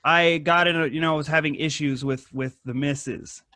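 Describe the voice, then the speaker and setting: A man hosting a casual podcast, rambling and swearing a lot, with animated retellings of stories. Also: on the high side, a little fast, dry recording. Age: adult with wife and kid. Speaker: podcast host. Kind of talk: casual profane chat.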